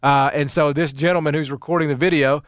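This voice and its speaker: A man's voice: on the high side, quick pace, clear, resonant tone, dry recording. Man, sports radio host, casual banter, dry studio mic. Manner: animated storytelling with many fillers.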